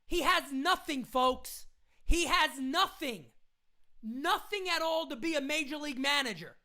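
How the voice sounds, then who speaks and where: High, bright voice in a furious rant. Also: female voice, a little slow. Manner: loud, indignant, repetitive ranting. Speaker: sports fan ranting. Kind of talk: live rant into a phone camera. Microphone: phone camera.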